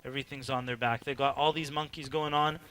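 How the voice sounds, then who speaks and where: A man giving an informal teaching talk to a group, animated and chatty, acting out little dialogues and laughing between filler-heavy sentences. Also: medium pitch, quick pace. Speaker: workshop speaker.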